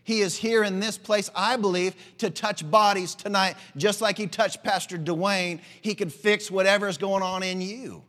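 A man's voice: high-pitched, fairly even intonation, normal speed, hardly any pauses, fairly bright tone, in a large hall. A man preaching a sermon, fervent and emphatic, calling out for amens.

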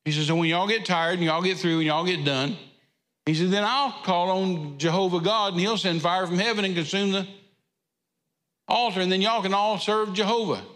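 A man preaches a sermon in a folksy, storytelling manner. His voice is high and bright. It carries a long reverb from a large hall. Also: fairly even intonation, moderate pace. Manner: folksy storytelling with drawled asides.

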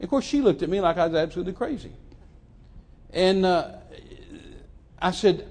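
A man in his sixties preaching a sermon, telling a story dramatically and swinging from hushed to loud, emphatic delivery. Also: high voice, expressive, moderate pace, long pauses. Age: 60s.

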